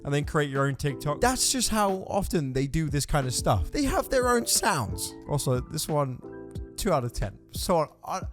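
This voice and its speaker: A man's voice: fairly high pitch, animated, normal speed, faint music behind. Sarcastic man doing reaction commentary. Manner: sarcastic, mocking. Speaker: commentary host.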